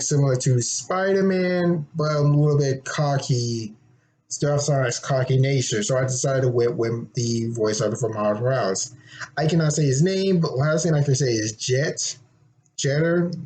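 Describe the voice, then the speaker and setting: Young male fan, casual rambling monologue, slightly hoarse, mid-pitched. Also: darkish tone, a little hiss or hum, poor audio. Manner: rambling, with many restarts and throat clearing. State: a little hoarse, throat getting sore. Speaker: fan presenting his game concept.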